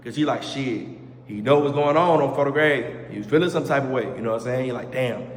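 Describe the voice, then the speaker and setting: A man's voice: mid-range voice, fast talker, a little hiss or hum. A man telling a casual storytime, full of street slang and repeated oaths, acting out the heated parts. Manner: animated, acts out heated quotes. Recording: echoey room with long reverb.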